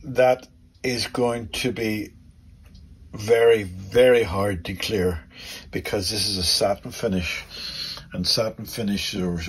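Low-voiced man explaining guitar repairs. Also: husky, rough recording. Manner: chatty, talks through each step. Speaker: luthier. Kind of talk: workshop demonstration to camera. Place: guitar workshop.

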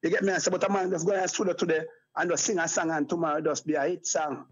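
A husky, somewhat high-voiced Jamaican man talking as an interview guest. He rambles in loose patois and loops back on his own phrases. The sound is dull and lo-fi. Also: steady tone, fast. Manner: rambling patois, repeats phrases like "you get me, I say". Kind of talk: casual conversational interview.

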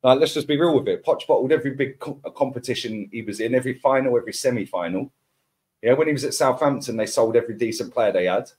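A man's voice: medium pitch, quick pace, a little mellow. A man, ranting as a football podcast pundit in heated casual chat, full of slang and repeated words.

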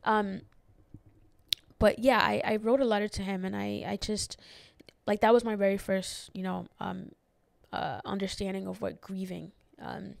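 A woman's voice: medium pitch, steady tone, normal speed, creaky, no echo. A young woman hosting her own podcast, rambling through a personal story with lots of fillers and restarts, close to tears. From immigrant who moved to the United States as a child. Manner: rambling, many fillers and restarts, gets emotional. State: tearful, near crying. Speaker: podcast host. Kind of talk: personal reflective monologue.

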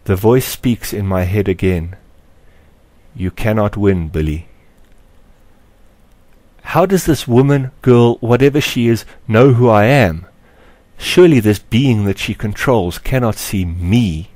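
A man narrating his own story aloud in a measured, expressive audiobook reading. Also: fairly low pitch, no echo. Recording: dry close recording.

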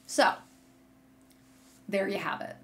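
A woman hosting a knitting video podcast from a room at home, chatting casually and gushing excitedly to viewers as she shows yarn. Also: takes it slowly. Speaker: podcast host. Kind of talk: casual chat showing yarn on camera. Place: home room with a curtain behind her. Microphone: desk setup facing a monitor.

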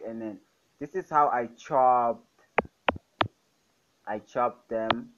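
A man's voice: mid-range voice, steady tone, takes it slowly, pauses often, dull audio, very noisy. A young man casually talking through a music production tutorial, enthusiastic and repeating his catchphrases. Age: young adult. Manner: enthusiastic, repeats "fire, guys". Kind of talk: casual screen-recorded tutorial. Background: loud music playing.

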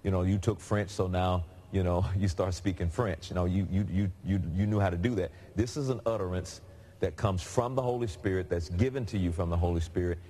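A man's voice: low voice, brisk, slight background noise. A man preaching a sermon in a conversational, storytelling way. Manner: conversational, animated storytelling with laughs.

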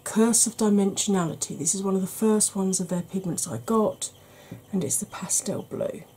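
A woman's voice: medium pitch, moderate pace, mellow, a little hiss or hum. A woman hosting a makeup channel, chatting casually through a tutorial with rambling, self-deprecating asides.

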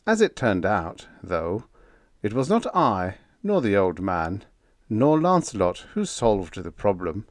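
A man's voice: lowish voice, big pitch swings, slow pace, no room sound. A man reading a humorous vintage sci-fi story aloud in scripted narration, wry and playful. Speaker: audiobook reader.

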